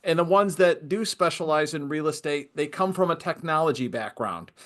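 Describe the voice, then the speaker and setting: A man's voice: on the high side, expressive, moderate pace, a bit bright. A man hosting a podcast interview, chatty and storytelling, interjecting with his own experiences. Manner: chatty, tells stories with acted quotes. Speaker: podcast host.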